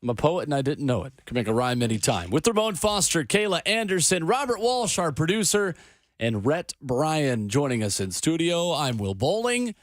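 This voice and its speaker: A man hosting a sports radio show in a studio, playful and quick to laugh in casual banter. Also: on the high side, sing-song, no echo.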